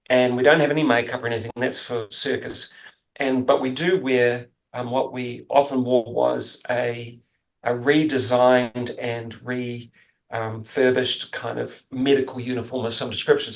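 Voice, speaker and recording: A man's voice: medium pitch, vocal fry. A man as an interview guest, telling rambling, self-mocking stories in casual chat and laughing often.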